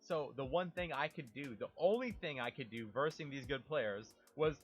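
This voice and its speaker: A young man talking casually about a video game, animated, swearing freely and imitating game sounds. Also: a little high, a little fast, few pauses, soft background music. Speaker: gaming YouTuber. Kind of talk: casual rambling monologue.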